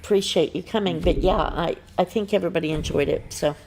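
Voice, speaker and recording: A middle-aged woman co-hosting a local morning show, telling a story with lively quoted voices. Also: fast, vocal fry, noisy background. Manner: animated storyteller, jumps up in pitch acting out quotes. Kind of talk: casual chat, telling a funny story.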